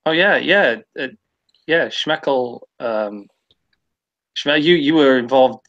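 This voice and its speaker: Man ranting, casual stream chat, sweary, lots of fillers, middle pitch. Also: slow, a bit bright, muffled recording. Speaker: guest on a stream.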